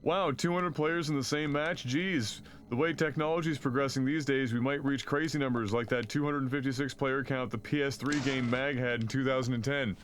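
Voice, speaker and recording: A man's voice: mid-range voice, steady tone, fairly quick, few pauses, slight background noise. A man streaming a co-op game, chatting casually and reading news aloud with frequent fillers and swearing. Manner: profane, jokey, reads with frequent fillers.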